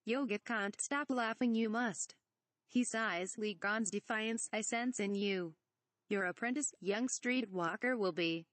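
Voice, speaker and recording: A woman's voice: medium pitch, a little slow, fairly bright tone, no echo, close to an everyday voice. A woman voicing a small, mischievous old male swamp creature who talks with his word order inverted, read from a parody script. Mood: teasing. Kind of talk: reading a fan parody script aloud.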